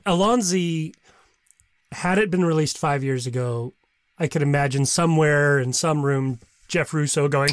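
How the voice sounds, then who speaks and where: Playful man with a high, dry voice. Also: a little slow, no room sound. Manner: playful, jokey, laughs often. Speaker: music show co-host. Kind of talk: casual music review chat.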